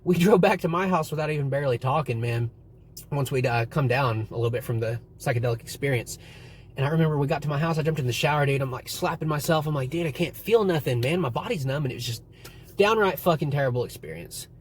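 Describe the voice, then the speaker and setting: A young man with a mid-range voice talks at a quick pace, casually vlogging a meandering, swear-heavy story that he retells with gusto. Faint hiss or hum is audible.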